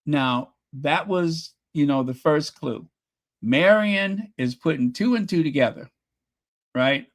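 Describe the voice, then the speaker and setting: A man talks through a drama's episode in an easy, chatty way, lingering over his words at an unhurried pace. His voice sits slightly high, and he jumps up in pitch whenever he acts out what the characters said. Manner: animated storytelling, acts out quotes with rising pitch. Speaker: show reviewer. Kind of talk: casual recap commentary.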